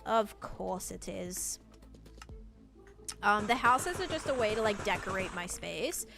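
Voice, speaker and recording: An Australian woman chats easily with her stream audience while she builds, greeting followers and thinking out loud. Her voice sits at a middle pitch, with soft music playing faintly underneath. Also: lively intonation, takes it slowly, creaky. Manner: chatty, talks to chat while building. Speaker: live streamer. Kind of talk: casual live-stream chat while playing.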